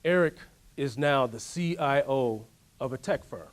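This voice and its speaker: A man giving a motivational workshop talk, telling a story in an animated way and asking the audience to join in. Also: mid-range voice, unhurried. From United States. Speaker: workshop speaker. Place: workshop room.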